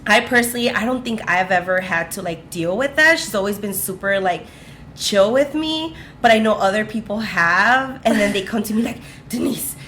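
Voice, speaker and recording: Animated young woman podcast co-host. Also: medium pitch, normal speed, slight background noise. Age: young adult. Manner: animated storyteller who acts out quotes. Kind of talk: casual chat.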